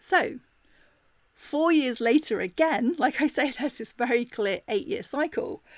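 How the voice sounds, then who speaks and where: A middle-aged woman, hosting a personal storytelling podcast in a chatty, animated way, full of "like" fillers. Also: fairly high pitch, no room sound. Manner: animated retelling with laughs. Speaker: podcast host.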